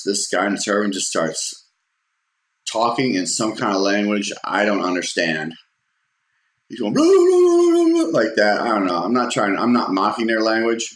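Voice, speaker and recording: Man, deep voice, loose anecdotal storyteller, pops up for quoted lines; roomy echo. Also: fairly bright tone. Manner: rambling, many fillers and restarts; acts out quotes in a raised voice. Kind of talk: casual personal storytelling.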